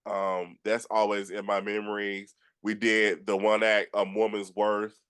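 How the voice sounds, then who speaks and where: A man from Georgia with a Southern accent, hosting a casual chat and telling animated stories with many restarts. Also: on the low side, unhurried, clean tone. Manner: animated storyteller with frequent restarts, acts out quotes. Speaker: podcast host.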